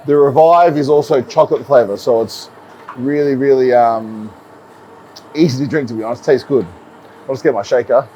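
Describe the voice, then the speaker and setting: A man's voice: mid-range voice, moderate pace, lo-fi sound, a little hiss or hum. Easygoing bodybuilder man, vlogging. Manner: relaxed, explanatory, with frequent ums and repeats. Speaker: bodybuilder and coach. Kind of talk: casual vlog talk to camera.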